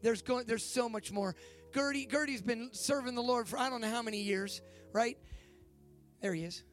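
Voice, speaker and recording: A man in his forties giving a youth sermon, preaching with rising excitement and leading a fervent prayer. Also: extremely high pitch. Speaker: youth pastor. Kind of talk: sermon with altar call.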